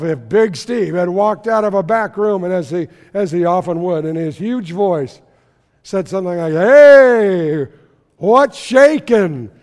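A man with a high voice preaches in a church sanctuary, his words ringing with long reverb. He tells a story, asks questions of the congregation and answers them himself. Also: darkish tone. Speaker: pastor. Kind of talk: sermon.

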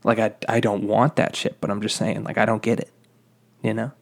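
A young man ranting casually, telling a profane, rambling, exasperated story about a fast-food job. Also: on the low side, little pitch movement, vocal fry.

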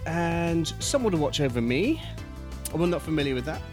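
A man's voice: a little high, big pitch swings, moderate pace, over music. A British man co-hosting a podcast in casual chat, teasing and jokey. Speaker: podcast co-host.

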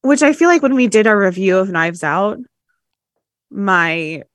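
Woman, podcast co-host, blunt playful chat, middle pitch, dry mic. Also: expressive, a little slow, a bit bright, dry recording. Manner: blunt, playful, swears freely. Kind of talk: casual chat.

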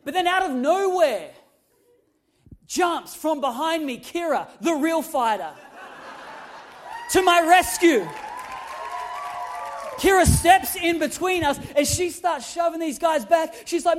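A young man, a pastor, telling a funny personal story in his sermon, animated and humorous with loud emphatic peaks. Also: very high-pitched, normal speed, pauses often. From Australia.

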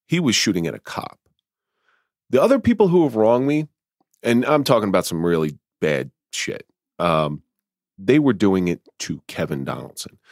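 Low-voiced reflective male podcast host. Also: sing-song, normal speed, darkish tone, dry recording, clean studio sound. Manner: reflective, thinks aloud with restarts. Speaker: podcast host, former police officer. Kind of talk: interview conversation.

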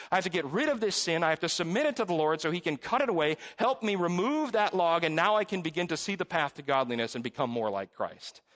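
A man in his forties delivers a sermon from the pulpit, his voice pitched a little high for a man. He talks to the congregation like an old friend, telling stories and teasing himself. A long church reverb trails every phrase. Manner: conversational, animated storytelling with self-deprecating jokes. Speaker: pastor. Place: church sanctuary.

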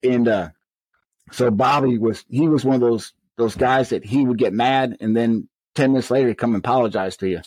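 A middle-aged man, a correctional officer, telling his story as an animated interview guest. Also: medium pitch, a little fast, no room sound, poor audio. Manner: animated storyteller who acts out quoted exchanges.

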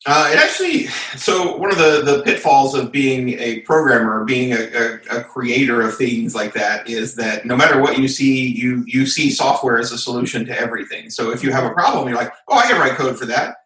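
A man guest chatting casually in an interview, telling stories in an animated way and acting out the people he quotes. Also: mid-range voice, normal speed, hardly any pauses, reverberant, far from the mic, low-quality recording. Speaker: podcast guest, software company founder.

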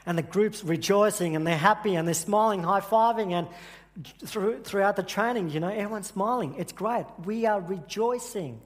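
An earnest man preaches to a congregation and stumbles over his words now and then with repeated restarts. His voice sits a little high for a man. The sound carries a long reverb from a big hall. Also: normal speed. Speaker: church speaker. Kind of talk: sermon with personal story.

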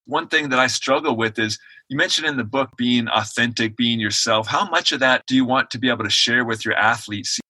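A very bright, sharp-toned man's voice at a middle pitch, recorded dry and close. He interviews a guest with thoughtful questions, tying them to his own life as a parent. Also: a little fast, hardly any pauses, no room sound, poor audio.

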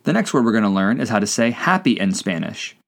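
A man hosting a scripted language-lesson podcast, asking questions and then repeating each answer slowly twice. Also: on the low side, sing-song, creaky. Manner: slow repeated drills with pauses. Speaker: language teacher.

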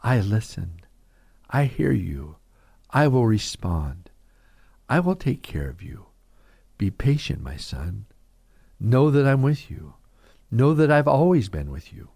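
A man voicing God as a gentle, calm presence who speaks softly and reassuringly to a believer. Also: medium pitch, gravelly, slightly rough, no echo, clean studio sound, pitched below the performer's own voice, exaggerated voice. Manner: soft, slow, hushed and reassuring.

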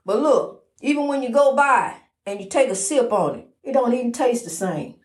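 Woman, high voice, inspirational testimony, preacherly, repeats herself, roomy echo. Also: expressive, normal speed. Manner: preacherly, repetitive, encouraging, many fillers. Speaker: motivational speaker.

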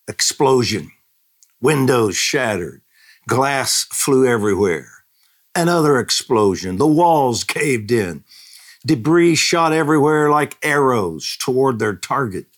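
A man pastor reading a family's testimony aloud in a daily prayer broadcast, his voice climbing high and loud on the quoted cries. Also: animated, slow pace.

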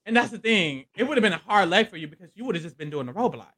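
This is an expressive co-host whose pitch swings all over the place as the stories unfold. The tone is bright and forward, with frequent laughter. The talk is loose, slangy and profane, delivered as a casual recap. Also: very fast, slightly rough. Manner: animated and playful, laughing often, acting out quotes. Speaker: podcast co-host. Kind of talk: casual reality-show recap chat.

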